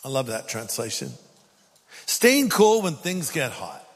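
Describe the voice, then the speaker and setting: A man, a pastor, preaching a sermon and reading scripture aloud with emphatic pauses. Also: medium pitch, wildly swooping pitch, breathy edge. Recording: long hall reverb.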